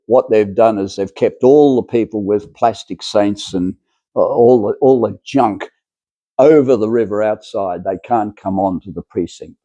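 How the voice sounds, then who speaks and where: A man's voice: fairly low pitch, warm tone, dry recording. A man giving a spiritual lecture to a small group, talking in a rambling, hesitant way with many fillers and restarts.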